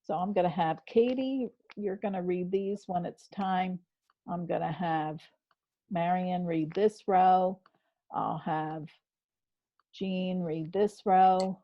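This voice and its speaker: A woman teaching a spelling class over a video call. She speaks slowly and gently, with a slightly low voice, encouraging her students and describing each step she takes on screen. The call audio is a bit dull. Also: steady tone. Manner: patient, encouraging, narrates her screen actions. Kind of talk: online class lesson.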